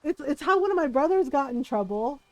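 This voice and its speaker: A woman game streamer telling a family story in a casual, animated way, laughing often and swearing freely. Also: high-pitched, a little fast, no room sound, lo-fi sound. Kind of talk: casual storytelling while gaming.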